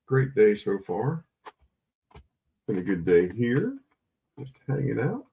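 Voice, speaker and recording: A man's voice: medium pitch, sing-song, takes it slowly, creaky, dark tone, slightly rough. A man hosting a casual live-stream coin sale, greeting viewers by name over and over in a chatty way. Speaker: livestream host selling coins.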